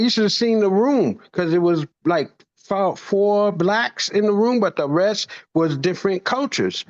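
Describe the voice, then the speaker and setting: A man from New York, telling stories in an animated, playful way and acting out the dialogue. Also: high-pitched, a little slow. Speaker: motivational speaker. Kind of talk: storytelling talk. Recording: dull lo-fi sound.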